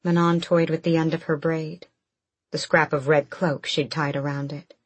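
A woman reading a fantasy novel aloud in an even, measured narration. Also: low-pitched, slightly rough, dry recording. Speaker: audiobook narrator.

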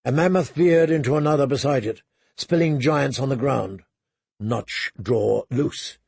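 A man narrating a dramatic audiobook, measured, sinking to hushed low tones for tension. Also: gravelly, husky, no room sound.

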